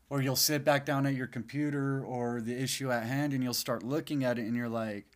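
A man talks through a solo podcast in a loose, rambling way. He sounds sleepy and yawns between thoughts, and he swears freely as he chats. His pitch sits in a typical middle range for a man. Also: fairly even intonation, fairly quick, hardly any pauses. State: sleepy, yawning. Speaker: podcast host. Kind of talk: casual solo podcast monologue.

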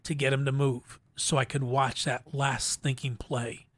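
A middle-aged man telling his personal testimony as an interview guest, in an earnest, halting way with frequent restarts. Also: mid-range voice, flat delivery, a bit bright. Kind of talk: emotional personal story in a faith interview.

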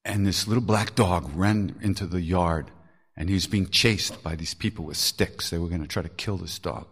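A man's voice: low voice, normal speed, a bit bright, slightly rough. A man hosting a podcast, telling spiritual stories in a frank, earthy way, swearing and laughing at himself. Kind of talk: candid storytelling talk.

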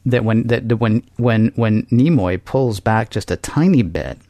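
A man's voice: mid-range voice, a little slow, dark tone, no echo. A man from Tennessee co-hosting a podcast in casual discussion, rambling and joking with frequent laughs and restarts. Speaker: podcast co-host.

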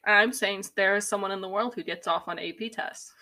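A woman's voice: mid-range voice, a little fast. A young woman in a casual book chat, talking bluntly and swearing often. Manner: blunt, profane, animated. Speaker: podcast co-host.

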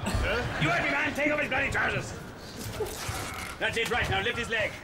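A man playing a frantic, bossy ship surgeon who barks urgent orders, in a film clip with loud music. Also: very high-pitched, lively intonation, moderate pace, heavy background noise. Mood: frantic, commanding.

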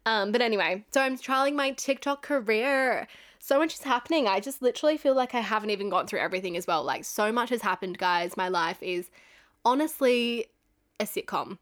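A woman's voice: fairly high pitch, fairly quick, a bit bright. A young Australian woman in her twenties hosting a podcast, telling a story in a chatty way, swearing freely and laughing often. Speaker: podcast host. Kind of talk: casual storytelling monologue.

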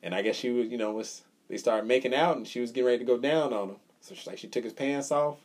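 A man's voice: medium pitch, quick pace, a little mellow. A man co-hosting a casual podcast chat, telling a story with swearing and acting out the quotes. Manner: storytelling, profane, acts out quotes. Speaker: podcast co-host.

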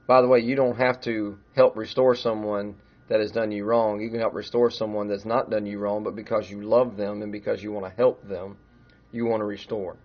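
A man's voice: lowish voice, flat delivery, brisk, lo-fi sound, soft background music. A middle-aged man preaching a sermon in a conversational way, growing emphatic as he retells a story. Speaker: pastor.

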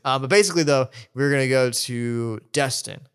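A man's voice: medium pitch, normal speed, a bit bright, smooth. A man co-hosting a podcast in casual, loose chat, swearing freely and laughing often. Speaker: podcast co-host.

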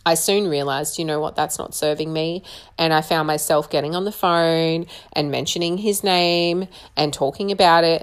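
Low-voiced earnest woman giving advice. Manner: earnest, encouraging, conversational with restarts. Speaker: single mother sharing advice. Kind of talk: personal advice talk to camera.

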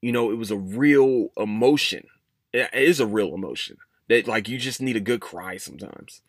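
A man's voice: on the low side, moderate pace, dry recording, clean studio sound. A man hosting his own podcast, talking casually and rambling with lots of fillers and restarts. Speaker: podcast host. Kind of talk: casual solo podcast monologue.

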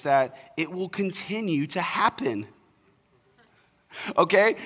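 A man's voice: on the high side, a bit bright. A young man preaching an earnest, conversational sermon to fathers as pastor. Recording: reverberant hall.

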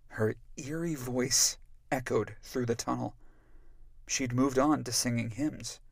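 Male audiobook narrator, slow and gravelly, dry close sound. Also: medium pitch, no echo. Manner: measured, even storytelling. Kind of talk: scripted narration.

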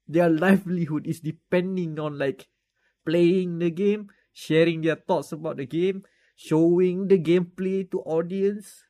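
A man with a Malaysian English accent co-hosting a casual gaming podcast, relaxed and giving advice. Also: high voice, measured pace, no echo. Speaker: podcast co-host. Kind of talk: casual chat.

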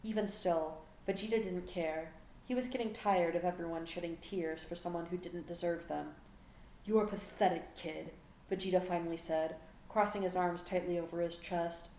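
Woman narrating a story, low voice, echoey. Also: steady tone, normal speed, dark tone. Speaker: fan fiction audiobook reader. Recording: echoey room with faint background hum.

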